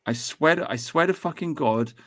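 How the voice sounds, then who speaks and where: A man's voice: on the high side, moderate pace, a bit bright. Man, podcast host, rambling, swearing. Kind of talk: casual chat.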